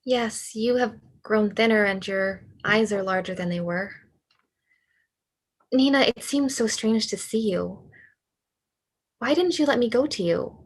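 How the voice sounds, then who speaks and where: A woman's voice: mid-range voice, a little slow, pauses often, natural voice. A woman reading the part of a despairing, lovesick young male writer in a cold reading over a video call, with earnest, pleading delivery. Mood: tender. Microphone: computer mic on a video call.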